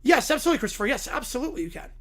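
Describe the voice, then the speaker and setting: A hoarse man streaming, giving quick offhand replies to chat in a casual Q&A. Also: very high voice, big pitch swings, sharp tone. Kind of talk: casual livestream Q&A.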